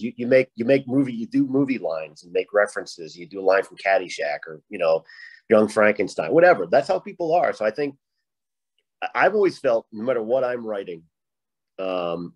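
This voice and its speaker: A man's voice: on the low side, slightly rough, dry recording, rough recording. A man from Rhode Island with a Rhode Island accent, a guest author talking casually and rambling with many restarts. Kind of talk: casual panel chat.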